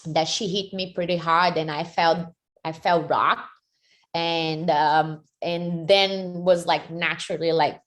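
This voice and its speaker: A woman, a fighter answering interview questions energetically, with many "like" fillers. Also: low voice. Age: 30s. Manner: energetic, frequent "like" fillers, second-language phrasing. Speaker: MMA fighter and jiu-jitsu athlete.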